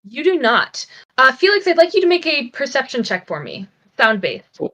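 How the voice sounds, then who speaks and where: A woman narrating a tabletop game as game master, dramatic and dropping to a hush for suspense. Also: sits high, big pitch swings, moderate pace, lo-fi sound.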